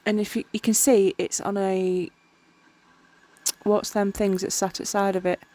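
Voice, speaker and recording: A woman's voice: medium pitch, level tone, measured pace, mellow. A tired woman chatting casually while crafting, rambling and often tripping over her words. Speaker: miniature crafter. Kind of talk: casual crafting vlog narration.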